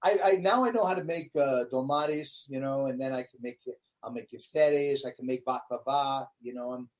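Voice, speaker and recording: A man, a comedian guest, talking in a relaxed and loose way in a casual interview chat, leaning on lots of fillers. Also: medium pitch, moderate pace.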